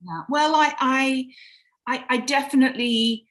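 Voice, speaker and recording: A woman's voice: high-pitched, fairly even intonation, a little slow, a bit bright. A middle-aged English woman, an author from England, chatting as a guest in a casual interview and often restarting her sentences.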